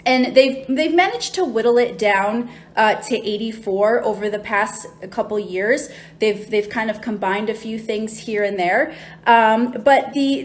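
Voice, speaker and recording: A woman hosting a live wine tasting on a phone stream. She chats casually and cheerfully, greeting viewers as they join. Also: fairly high pitch. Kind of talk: casual livestream chat. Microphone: phone livestream mic.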